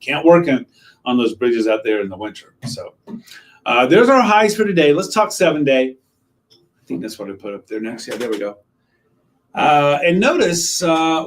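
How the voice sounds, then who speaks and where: A man, a TV meteorologist giving a casual live weather update, chatting and joking with viewers and greeting them by name. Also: medium pitch. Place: TV station weather set.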